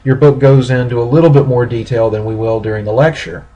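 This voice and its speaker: Man, history lecture, husky tone, mid pitch, pauses and self-corrections. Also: muffled recording. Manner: steady explanatory pace with pauses and self-corrections. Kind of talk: recorded classroom lecture.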